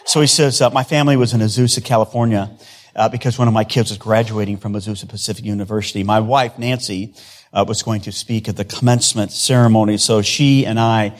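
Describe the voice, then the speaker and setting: A man's voice: lowish voice, fairly even intonation, quick pace. A man preaching a sermon in an earnest way, building emphasis through repeated phrases. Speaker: pastor.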